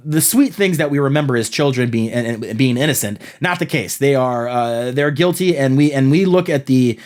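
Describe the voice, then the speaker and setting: A man's voice: medium pitch, moderate pace, darkish tone. Man telling a self-deprecating comedic story. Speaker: podcast host. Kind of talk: comedic monologue.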